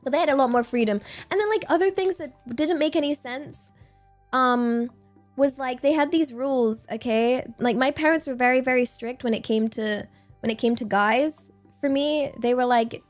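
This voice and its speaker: Young woman, streamer, casual rambling chat, high voice, faint background music. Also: normal speed. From England. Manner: rambling, laughing, filler-heavy storytelling.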